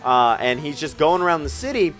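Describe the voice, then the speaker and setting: A young man from Oregon telling a casual, excitable storytime with lots of swearing and filler words. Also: fairly high pitch, fairly quick, faint music behind. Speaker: storytime YouTuber. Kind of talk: casual storytime over gameplay.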